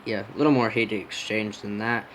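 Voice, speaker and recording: A man's voice: on the low side, steady tone, moderate pace, fairly bright tone, a little hiss or hum, poor audio. A young man casually telling a rambling personal story on his podcast, yawning and smacking his lips. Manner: rambling, self-interrupting, yawning and lip-smacking. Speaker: podcast host.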